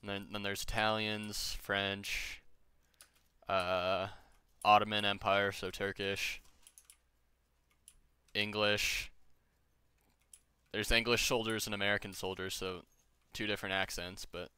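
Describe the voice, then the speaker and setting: A man's voice: lowish voice, level tone, slow, long pauses, sharp tone, smooth, no echo. A young man chatting casually with friends while gaming, rambling, joking and swearing freely. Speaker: gamer streaming with friends.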